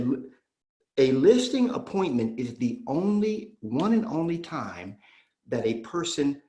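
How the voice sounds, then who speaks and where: A real estate sales trainer, a man with a middling-pitched, slightly mellow voice, coaches a room of trainees in an energetic sales training talk. He preaches each point with emphasis and repetition, acting out both sides of client conversations, and the recording has a roomy echo.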